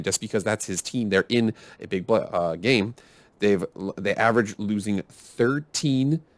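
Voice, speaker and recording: A man's voice: lowish voice, dry recording. A man hosting a casual sports commentary video, rambling and arguing back and forth with himself. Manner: rambling, self-arguing, restarts often.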